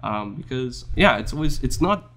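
A young man chatting casually with a friend, talking in a soft, reflective, candid way. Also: mid-range voice, expressive, moderate pace. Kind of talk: casual chat between friends.

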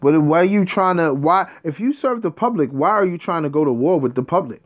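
Animated man telling a street story. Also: fairly high pitch, fairly quick. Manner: animated, profane, streetwise slang. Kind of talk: casual monologue.

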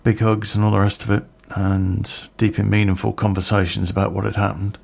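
Middle-aged male storyteller, lowish fry-edged voice, loose rambling delivery full of curses. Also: level tone, fairly quick, background noise. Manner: swears freely, rambling anecdotal asides. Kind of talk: casual spoken storytelling.

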